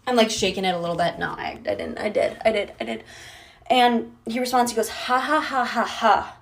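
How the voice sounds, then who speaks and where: A woman's voice: mid-range voice, big pitch swings, fairly quick, slight background noise. A woman telling a storytime vlog in an exasperated, dramatic way, acting out both sides of a conversation. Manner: dramatic, exasperated, acts out quotes. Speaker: storytime creator.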